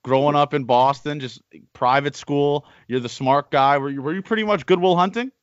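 A man's voice: fairly high pitch, moderate pace, no room sound, dull audio. A man from Canada hosting a podcast, chatting with a guest in a playful, teasing way. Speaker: podcast host. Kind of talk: casual interview chat.

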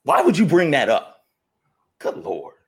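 A man with a husky, breathy edge to his voice rants about a game in heated, repetitive bursts. His comes through in loose, slangy phrasing, and he sounds fired up throughout. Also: fairly high pitch, huge pitch swings, unhurried. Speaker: podcast co-host. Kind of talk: heated sports rant.

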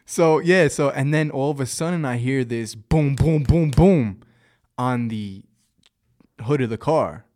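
A man's voice: mid-range voice, a little slow. A young man in casual podcast chat, telling a story with lots of laughter and acted-out quotes. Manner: animated storyteller, laughs a lot, acts out quotes. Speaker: podcast guest.

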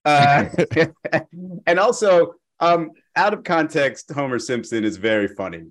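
A man's voice: a little high, unhurried. A man co-hosting a sports podcast, chatting in a joking way and laughing often. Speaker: podcast co-host. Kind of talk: casual sports chat.

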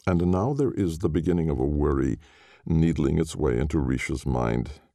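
A man narrating a dark audiobook in a slow, grave, measured way. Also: rumbling low, expressive, creaky, no room sound, studio quality.

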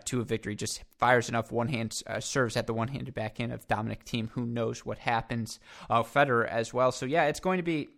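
A man's voice: mid-range voice, vocal fry, fairly bright tone. A man hosting a tennis podcast, chatting casually and reeling off scores and head-to-head stats. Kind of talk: casual sports chat with stats.

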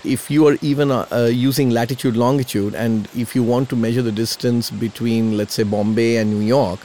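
A man's voice: medium pitch, fairly even intonation, brisk, mellow. A man explaining an idea through an example, a little hesitant as he works through it. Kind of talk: explanatory conversation. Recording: faint hiss.

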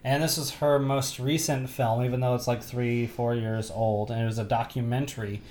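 A man's voice: mid-range voice, flat delivery, moderate pace, a little mellow, a little hiss or hum. A man co-hosting a podcast, chatting casually about films with enthusiastic, rambling restarts. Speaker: podcast co-host. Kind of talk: casual movie chat.

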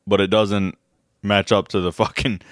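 A man with a low, smooth voice riffs sarcastically on a casual podcast. He swears freely and laughs a lot. The sound is close and dry, with no room echo. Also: flat delivery, moderate pace. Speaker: podcast co-host. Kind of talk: casual conversational podcast chat.

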